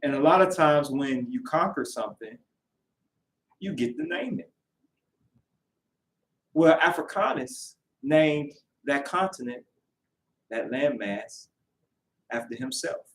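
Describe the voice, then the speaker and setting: A man's voice: mid-range voice, lively intonation, takes it slowly, pauses often, a bit bright. Man teaching a lesson in an echoey room. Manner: conversational, with rhetorical questions to listeners. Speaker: teacher leading a Sabbath lesson. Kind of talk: lesson with storytelling. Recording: roomy echo, mic at a distance.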